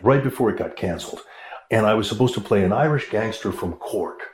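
A middle-aged American man, an actor, tells stories with animated energy and laughs mixed into his talk. His voice sits a little low, and the recording carries a roomy echo around him. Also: brisk. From United States. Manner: animated storyteller, laughs while talking. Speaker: actor and interview guest. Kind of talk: casual storytelling interview.

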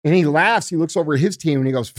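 A man ranting as a podcast guest, profane and forceful. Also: fairly high pitch, fast talker, no echo, studio quality. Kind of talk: heated podcast rant.

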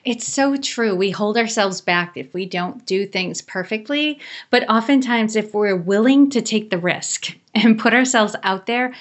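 A woman's voice: medium pitch, unhurried, few pauses. A woman hosting an interview, enthusiastic and affirming as she asks questions. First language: English. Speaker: interview host. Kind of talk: conversational interview.

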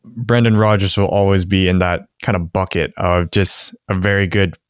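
A man co-hosting a casual football podcast, relaxed and chatty, laughing often and filling with "like". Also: low-pitched, moderate pace, clear, resonant tone, no room sound, studio quality. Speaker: podcast co-host. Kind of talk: casual sports chat.

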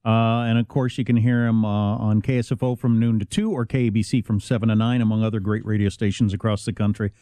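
A man's voice: on the low side, little pitch movement, fast, few pauses, warm tone, no echo. Wry male talk radio host. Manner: wry, conversational, joking. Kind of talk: casual talk radio banter.

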